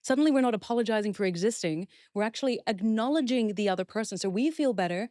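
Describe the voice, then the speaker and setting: Speaking fast in a slightly high, expressive and warm voice, a woman guests as an expert on a podcast interview. She earnestly explains the steps and performs example phrases, captured in studio quality with no echo.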